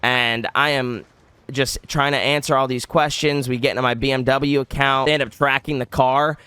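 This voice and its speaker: A young man tells a story straight to his audience, his voice bright and crisp. He rambles and restarts, packing in "like" as he talks in a loose, animated way. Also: medium pitch, normal speed, no room sound. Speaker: vlogger. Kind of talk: casual storytelling.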